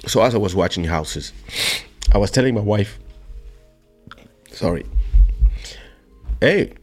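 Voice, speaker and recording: A man hosting a podcast, chatting casually and telling a family story in an animated way. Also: fairly low pitch, normal speed, soft background music. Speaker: podcast host. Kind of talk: casual chat.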